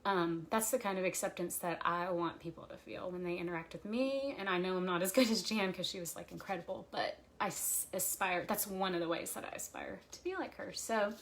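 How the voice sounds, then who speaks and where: A woman with a fairly low voice talks casually to a livestream audience. She is reflective and halting, full of ums and restarts as she remembers someone close to her. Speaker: pastor hosting a livestream chat.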